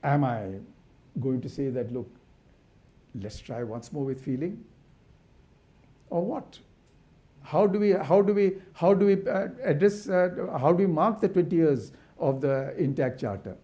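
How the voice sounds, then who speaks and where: Impassioned man, mellow voice. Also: fairly high pitch, expressive, normal speed. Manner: impassioned, rhetorical questions, many restarts. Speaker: conservation academic speaker. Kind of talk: symposium talk.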